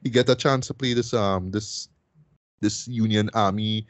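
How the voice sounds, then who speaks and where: A man's voice: fairly low pitch, steady tone, a little slow, no echo. A man co-hosting a podcast film review in casual chat, ending many phrases with "right?" and often restarting words.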